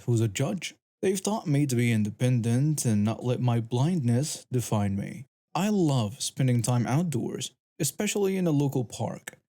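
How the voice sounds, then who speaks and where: Man with a dark, mellow narration voice. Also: medium pitch. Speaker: story narrator. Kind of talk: scripted first-person narration.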